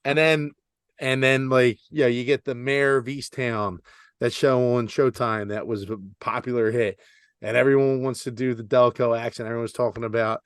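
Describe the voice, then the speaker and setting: A man's voice: mid-range voice, steady tone, normal speed, clear, resonant tone, no room sound, clean studio sound. A man with a Philadelphia accent co-hosting a podcast, ranting bluntly and swearing in casual chat. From Philadelphia area. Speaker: podcast co-host.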